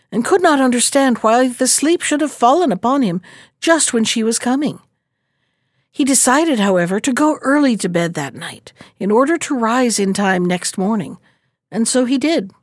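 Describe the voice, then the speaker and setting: A woman narrating a folk tale in a measured, even storytelling manner. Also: a little high, no room sound, clean studio sound.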